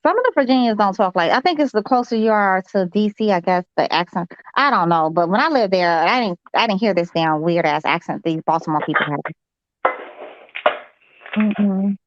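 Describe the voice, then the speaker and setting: A woman's voice: medium pitch, animated, normal speed, no room sound, highs cut off. A woman co-hosting a casual sports talk show, blunt and opinionated, with a salty way of talking. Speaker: podcast co-host.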